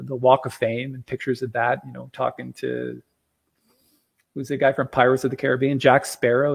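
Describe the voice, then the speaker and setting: A middle-aged man telling stories as a guest on a talk show, acting out the quotes with lively energy. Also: medium pitch, gravelly, slightly rough. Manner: animated storyteller, acts out quotes.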